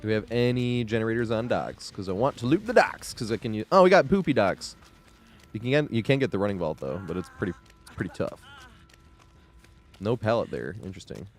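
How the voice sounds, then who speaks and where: A man's voice: on the low side, lively intonation, brisk, faint music behind. A young man streaming a game live, chatting loosely with frequent laughs and casual swearing. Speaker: gaming streamer.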